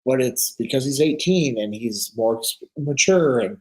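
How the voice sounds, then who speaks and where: A man's voice: mid-range voice, expressive, moderate pace, low-quality recording. A man in his forties, a podcast guest, telling stories in casual conversation and acting out the dialogue. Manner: storytelling, acting out quoted dialogue.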